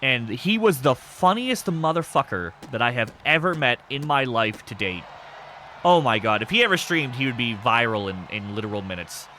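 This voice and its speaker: A man with a stuffy nose, commentating a wrestling game on a livestream in an excitable, laughing, swearing way and shouting when the action picks up. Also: mid-range voice, moderate pace, slight background noise.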